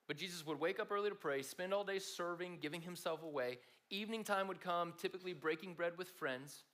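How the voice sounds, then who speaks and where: A man's voice: on the high side, fairly bright tone. A man giving a conversational sermon to a room of students, talking to them directly. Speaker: speaker at a student gathering.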